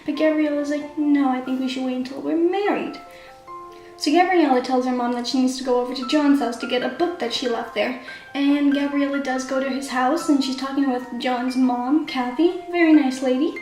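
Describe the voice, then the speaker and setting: A woman's voice: high-pitched, steady tone, brisk, darkish tone. A woman casually recapping the plot of a story she wrote, in a chatty way with lots of "like" and "kinda". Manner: chatty, constant "like" and "kinda" fillers. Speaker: amateur writer summarizing her own story. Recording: echoey room with faint background music.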